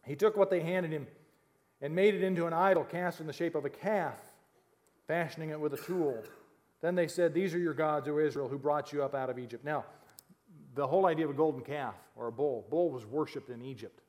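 Animated preacher man, high voice. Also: fairly quick. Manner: animated, jokey asides with laughs, reads scripture then explains. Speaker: pastor. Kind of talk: sermon.

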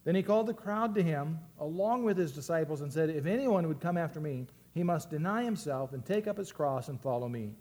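A man's voice: on the high side, lively intonation, brisk, few pauses, a little mellow. A man preaching a sermon as pastor, earnest and reflective, often restarting his phrases.

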